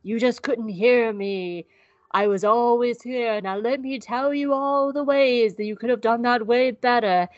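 A woman doing an impression of a wise, calm older male Jedi master in a solemn, patient voice. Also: fairly high pitch, unhurried, dry recording, highs cut off, lightly acted.

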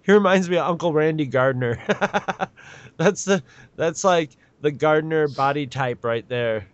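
Casting note: male podcast co-host, smooth resonant voice, dry and a bit dull recording, rambles. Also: on the high side, dry recording. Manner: rambling, halting, with many restarts. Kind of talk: casual chat.

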